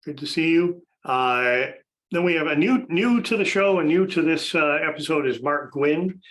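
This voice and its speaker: A man's voice: on the high side, expressive, normal speed, a bit bright, rough recording. A man hosting a podcast, casually introducing a panel of guests, chatty with frequent fillers and restarts. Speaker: podcast host.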